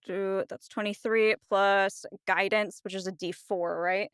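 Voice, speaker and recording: A woman playing a tabletop role-playing game, talking in a playful, unhurried way. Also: medium pitch, fairly even intonation, a bit bright, clean tone, no room sound, studio quality. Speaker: player.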